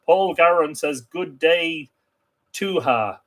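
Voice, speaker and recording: A man's voice: a little high, slow pace. A man hosting a casual livestream, reading out viewer comments and greeting them in a chatty, welcoming way. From Ireland. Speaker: livestream host.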